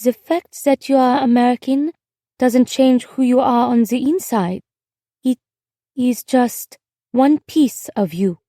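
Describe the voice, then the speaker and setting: A woman's voice: fairly high pitch, mellow, dry recording, clean studio sound. A woman putting on a shy ten-year-old girl. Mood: shy, tentative. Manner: hesitant, slow and careful.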